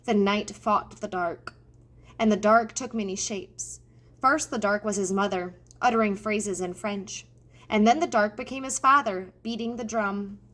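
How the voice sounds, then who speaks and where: A woman narrating a children's storybook aloud in an expressive way. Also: mid-range voice, a little slow. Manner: expressive, addressing the reader. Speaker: audiobook reader.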